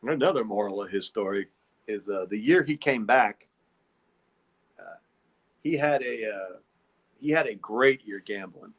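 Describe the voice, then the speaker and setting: A man's voice: lowish voice, expressive, unhurried, long pauses. A man telling a long, rambling story in a casual podcast monologue. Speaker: podcast host.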